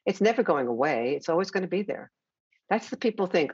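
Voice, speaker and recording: Warm, husky woman interviewer, lo-fi sound. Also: on the low side, animated, fairly quick, no room sound. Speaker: host and teacher. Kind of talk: conversational interview. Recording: dull lo-fi dry sound.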